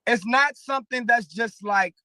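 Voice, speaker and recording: A man in an interview clip, telling a story in a halting, rambling way with many pauses and restarts. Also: very high-pitched, pushed and bright, no room sound, rough recording. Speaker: battle rapper in interview clip.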